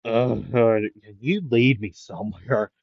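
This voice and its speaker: A man's voice: medium pitch, steady tone, takes it slowly, gravelly, husky, dry recording, exaggerated voice. A man voicing a determined young male hero boy in an anime fan story, speaking in his own plain voice. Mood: dazed. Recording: dull lo-fi sound.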